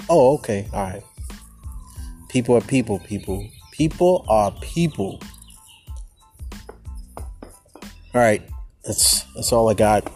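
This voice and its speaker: Animated preachy man outdoors. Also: fairly low pitch, slow pace, long pauses, faint music behind. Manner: preachy, animated, talks to listeners as people. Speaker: podcast host. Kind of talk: casual outdoor monologue. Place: outdoors on a campus among trees and birds.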